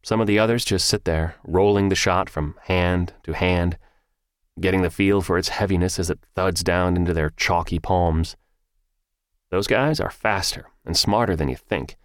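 A man narrating a first-person story in an audiobook, with measured, even storytelling. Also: low-pitched, clean tone, no room sound, clean studio sound.

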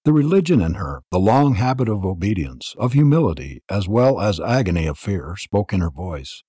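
A man reading an audiobook in a dramatic, expressive narration style. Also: low-pitched, normal speed, slightly rough, no room sound, clean studio sound.

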